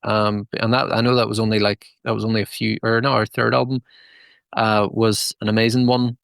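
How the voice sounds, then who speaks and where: A Northern Irish man in his thirties with a low, gravelly voice, telling loose stories as an interview guest. He rambles and restarts often in a relaxed, chatty way. The sound is dry and close. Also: brisk, no room sound. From Northern Ireland. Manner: rambling, many restarts and fillers, relaxed storytelling. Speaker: band frontman, interview guest. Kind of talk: casual interview chat.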